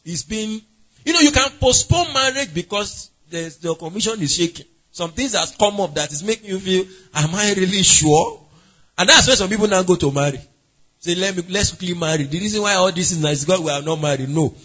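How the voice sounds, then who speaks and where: Male pastor, husky, interactive sermon, lo-fi stream sound. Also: sits high, pushed and bright. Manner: asks the congregation questions and calls on members by name.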